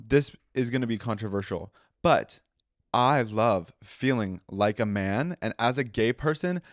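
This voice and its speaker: A man's voice: medium pitch, dry recording, clean studio sound. A young man hosting a podcast in casual chat, talking with a nasal tone and leaning hard on his words to show how he feels. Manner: emphatic, expressive, with lots of laughing asides. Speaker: podcast host.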